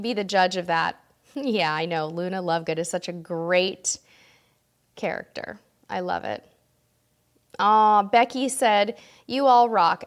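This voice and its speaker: A woman hosting a casual live question-and-answer stream, reading viewer comments aloud and answering them, tired and losing her voice. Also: mid-range voice.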